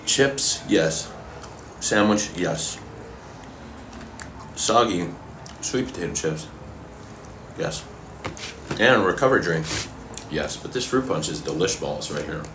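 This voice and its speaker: A man coaching fitness and answering viewers' questions in a relaxed, casual way while eating, sometimes talking with his mouth full. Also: deep voice, noisy background. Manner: relaxed, talks with his mouth full, pauses mid-sentence.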